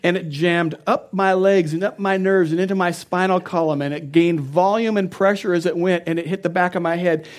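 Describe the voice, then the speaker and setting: A man's voice: high-pitched, steady tone, fairly quick, hardly any pauses. A middle-aged man, a pastor, preaching a sermon in an earnest and personal storytelling way, often laughing.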